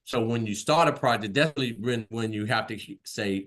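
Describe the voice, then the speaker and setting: A man's voice: lowish voice, a little fast, a bit bright. A man teaching an online class in a conversational way, repeating himself and often checking in with "right?". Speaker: instructor.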